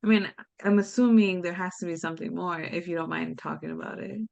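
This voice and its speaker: Reflective woman host, lower-pitched, casual. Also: steady tone, brisk, vocal fry, darkish tone, highs cut off. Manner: reflective, casual, many fillers like "you know" and "to be honest". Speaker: podcast host. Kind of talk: conversational interview.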